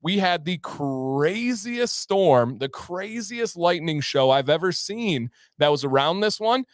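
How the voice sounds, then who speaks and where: A man's voice: a little high, expressive, slow pace, no room sound, studio quality. A man hosting a casual livestream, talking enthusiastically and reading out viewers' names. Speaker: livestream host.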